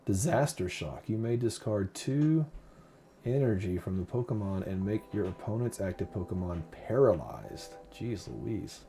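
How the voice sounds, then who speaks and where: A man's voice: on the low side, very animated, unhurried, vocal fry, dark tone. A middle-aged man hosting a casual live stream, chatty and openly sentimental, reading viewer comments aloud and answering them. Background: faint lo-fi music.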